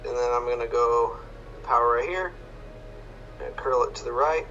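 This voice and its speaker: A man hosting casual game commentary, walking through each shot step by step in an easygoing way. His voice is bright and clear, pitched in an ordinary middle range, with a faint hum of background noise. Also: normal speed, lo-fi sound. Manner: relaxed, explaining tips step by step. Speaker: host.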